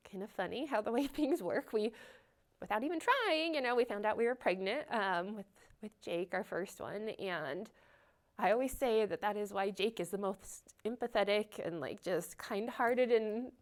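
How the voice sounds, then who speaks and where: A woman telling a personal testimony at church, earnest and emotional, with a chatty flow full of "like" and "you know.". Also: mid-range voice. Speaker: church member sharing testimony. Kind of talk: personal testimony, conversational storytelling.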